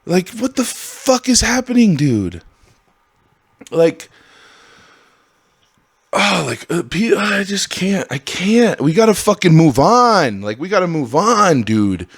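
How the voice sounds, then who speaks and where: A man in his thirties hosting a solo podcast, ranting with constant swearing and jumping into high, exasperated outbursts. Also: big pitch swings, slow, pauses often, breathy edge, no echo. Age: 30s. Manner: profane, ranting, swings into high exasperated bursts. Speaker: podcast host.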